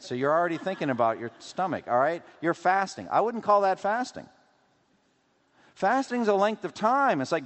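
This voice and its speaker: A man preaching a sermon as pastor, asking rhetorical questions and acting out quotes in an animated way. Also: fairly high pitch, moderate pace. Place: church sanctuary. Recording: long hall reverb.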